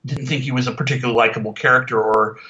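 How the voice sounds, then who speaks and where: A man casually reviewing an old TV show, rambling with many fillers and restarts, getting animated when he complains. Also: mid-range voice, rapid-fire, lo-fi sound. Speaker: podcast reviewer.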